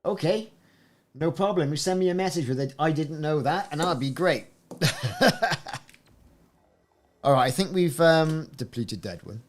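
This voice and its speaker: A man's voice: on the high side, expressive, a little slow, long pauses. A man giving chatty, rambling live-stream commentary while playing a game. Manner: chatty, rambling, self-interrupting. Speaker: gaming streamer.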